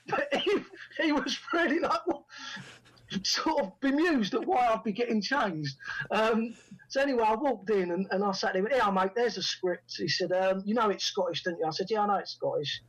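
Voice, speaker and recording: In a podcast interview, an actor and writer tells animated stories from his acting career, acting out the lines people said to him. His voice sits high with a breathy edge at a moderate pace, and the audio is poor.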